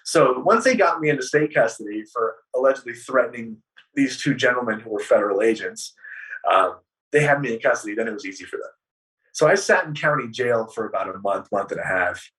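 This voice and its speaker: A man guest on an interview show, telling his story in an animated, profane way and acting out the dialogue. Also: mid-range voice, a little fast, recorded from a distance, low-quality recording.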